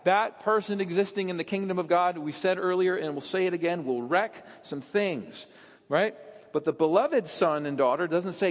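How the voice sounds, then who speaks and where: Man preaching, high voice, emphatic delivery, dull lo-fi sound, long reverb. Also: normal speed. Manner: emphatic, with sudden drops in pitch and volume. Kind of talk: sermon.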